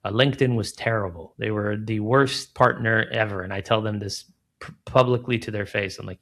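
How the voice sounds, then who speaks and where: The founder of a recruiting firm, a middle-aged man, is being interviewed and keeps things casual. He talks fairly quickly in a fairly low voice, acting out what people said in his stories and peppering them with "man" and "like."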